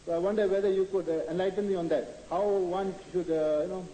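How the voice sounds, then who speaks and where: A man in the audience of a lecture, asking his question haltingly with many fillers. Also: high-pitched, fairly even intonation, dark tone. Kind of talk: question from the floor. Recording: echoey hall with faint hiss, archive tape.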